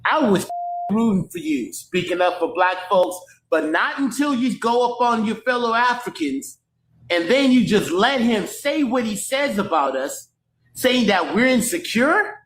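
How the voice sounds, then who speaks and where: A man rants slowly in disbelief, his voice sitting high. The clip sounds roomy, with faint noise underneath. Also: lively intonation, fairly bright tone. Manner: slow, incredulous ranting.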